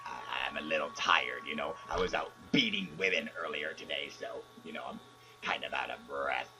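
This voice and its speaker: A man voicing a lying old male Sith emperor who poses as a hero on a prank call-in skit, with low, mumbling, mock-innocent denials. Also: brisk, background noise. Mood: sheepish.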